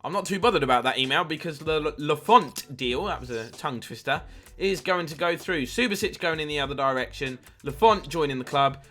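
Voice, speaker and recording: Bright-voiced gaming commentator. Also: male voice, mid-range voice. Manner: chatty play-by-play, lively at big chances. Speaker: gaming YouTuber. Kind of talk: video game commentary.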